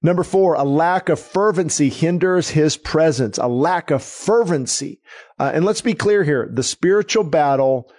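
A middle-aged male pastor with a slightly higher voice delivers a sermon. He speaks earnestly and emphatically, repeating key phrases and slowing down to let important lines land. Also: expressive, darkish tone.

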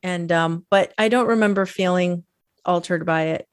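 Chatty woman with a lowish voice. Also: normal speed. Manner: chatty, storytelling with lots of fillers and laughs. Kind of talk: casual chat.

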